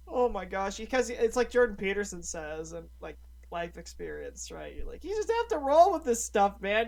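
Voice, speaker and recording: A man's voice: sits high, gravelly. A young man co-hosting a podcast in casual chat, rambling with many restarts and fillers. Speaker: podcast co-host.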